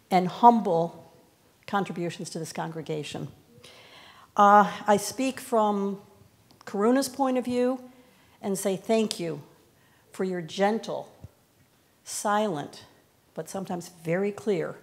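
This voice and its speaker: A woman giving a heartfelt farewell speech to a departing minister in a church, in a halting, reflective way. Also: medium pitch, gravelly. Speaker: congregation member giving a tribute. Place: church sanctuary.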